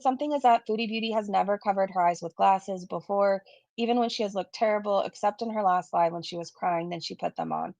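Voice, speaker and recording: Chatty woman streamer with gravelly fry. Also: medium pitch, a little mellow, dry recording, lo-fi sound. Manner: chatty, reads viewer comments aloud, frequent swearing and laughs. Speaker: commentary streamer. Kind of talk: casual live-stream commentary.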